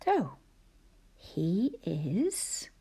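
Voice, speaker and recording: A woman teacher dictating spelling sentences slowly and carefully, often whispering the sounds and syllables of words. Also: on the low side, huge pitch swings, dark tone, breathy edge. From Scotland. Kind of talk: slow spelling dictation lesson.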